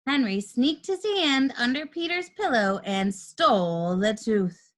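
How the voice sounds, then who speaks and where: A woman reading a children's storybook aloud, with expressive voice changes for the characters. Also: on the high side. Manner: lively, expressive reading with quick shifts for characters.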